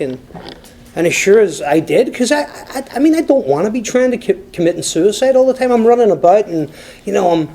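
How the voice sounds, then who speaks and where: A man's voice: fairly high pitch, dark tone. An Irish man speaking at a recovery meeting, telling his own story to the room and talking straight to the people listening. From Ireland. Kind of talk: personal story told to a group.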